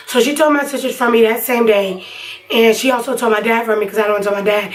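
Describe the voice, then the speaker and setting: A woman's voice: on the high side, steady tone, normal speed, distant mic, low-quality recording. A young woman vlogger telling a personal story in a casual, rambling way with lots of fillers. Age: young adult. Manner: chatty, rambling, many fillers.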